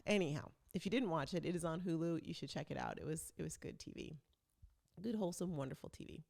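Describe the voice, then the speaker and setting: Low, gravelly-voiced chatty woman. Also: lively intonation, fast talker, darkish tone. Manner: chatty, rambling, self-described talker. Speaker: vlog host. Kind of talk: casual chat.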